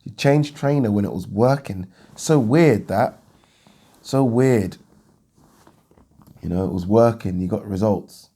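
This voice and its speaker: A man's voice: fairly low pitch, takes it slowly, pauses often, dark tone. A young man giving a rambling, casual reaction to a boxing fight as a vlogger, thinking aloud and restarting his sentences.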